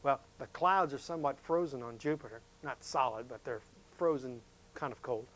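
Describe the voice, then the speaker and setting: A man teaching a science lesson to students, talking in a folksy, chatty way, asking questions and jumping up in pitch to stress a point. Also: normal speed, a bit bright. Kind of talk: classroom lesson demonstration.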